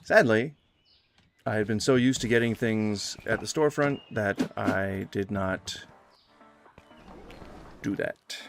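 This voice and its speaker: A man giving casual commentary while playing a game, muttering to himself with sarcastic, mock-formal complaints and sudden loud outbursts. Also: on the low side, slow pace, creaky, long pauses, faint music behind. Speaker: gaming streamer.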